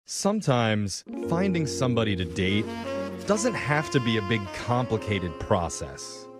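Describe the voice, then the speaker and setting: A man's voice: on the low side, very animated, a little slow, music in the background. A man hosting a morning radio show, joking and teasing as he sets up a caller's story. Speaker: radio host.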